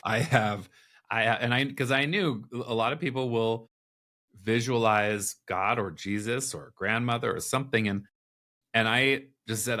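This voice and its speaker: In an interview, a male podcast guest candidly tells a personal story, acting out the thoughts and voices involved and quoting his inner dialogue. His voice is lowish and his pace measured.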